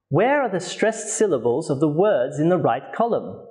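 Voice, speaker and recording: In this scripted English pronunciation lesson, the male teacher's voice sits on the high side, with big pitch swings and a darkish tone. Slow and clearly articulated, he models each word so learners can repeat it.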